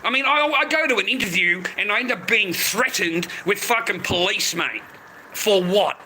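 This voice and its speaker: Swearing through an angry live-stream rant, this middle-aged man tacks "mate" onto almost every line. He speaks at normal speed in a high-pitched, bright, forceful voice, and the poor audio carries slight background noise.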